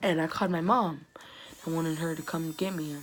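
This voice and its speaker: A woman's voice: deep voice, steady tone, moderate pace. A teenage girl telling a storytime vlog in a chatty, slangy way, often dropping to a whisper. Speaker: vlogger.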